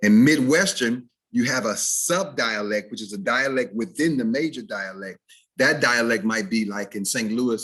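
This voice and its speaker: Man teaching diction, slightly husky, animated, video-call sound. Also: on the low side, moderate pace. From Mississippi. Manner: lively, demonstrative, imitates dialects. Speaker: diction instructor. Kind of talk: recorded video-call lecture.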